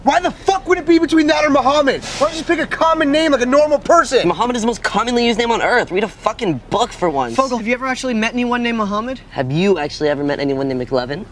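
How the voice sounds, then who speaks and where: Quick, high voices of teenage boys mocking a friend, in a film scene. They talk fast and crude. Faint urban noise sits behind them. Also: male voice, animated, a bit bright. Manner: fast, crude teasing banter. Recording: film clip played back with faint street noise.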